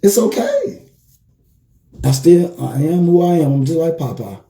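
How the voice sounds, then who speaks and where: A man delivers an inspirational livestream talk as a life coach, animatedly telling stories and repeating phrases for emphasis. His fairly high voice moves at an unhurried pace, with a roomy sound around it.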